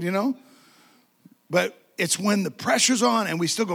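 A man with a notably high-pitched voice, preaching with fervent, conversational energy. He drives his points home through repetition and chatty asides, often laughing and acting out little quotes. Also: lively intonation, brisk, a bit bright. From United States. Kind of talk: sermon.

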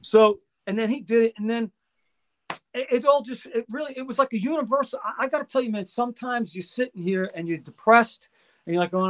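A man guest in a casual chat, telling a story excitedly and acting out the dialogue. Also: very high voice, fairly quick. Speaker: guest musician.

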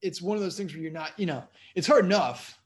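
Chatty comedian man, slightly high voice. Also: fast talker. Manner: rambling storyteller, keeps saying "you know what I mean". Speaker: guest comedian. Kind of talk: casual interview chat.

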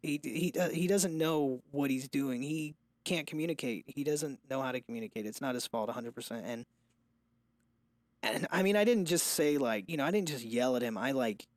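A young man speaks as a father on a casual podcast, candid and a little rambling, often restarting his thoughts. His voice sits at a middling pitch. The sound is dry and close, with almost no room. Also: moderate pace, no room sound. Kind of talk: casual chat.

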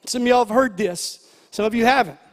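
High-voiced preacher. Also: male voice, brisk, in a large hall. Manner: storytelling, then shouting, rising preaching. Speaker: pastor. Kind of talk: sermon.

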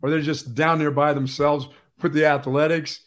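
A man's voice: fairly high pitch, flat delivery, moderate pace. A man co-hosting a sports talk radio show, bantering casually and playfully ribbing his co-host in a studio.

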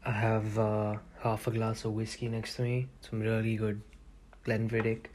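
A man's voice: fairly low pitch, completely flat delivery, moderate pace, darkish tone, slight background noise. A young man hosting a podcast, talking in a casual, rambling monologue full of swearing and emphatic opinions. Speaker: podcast host.

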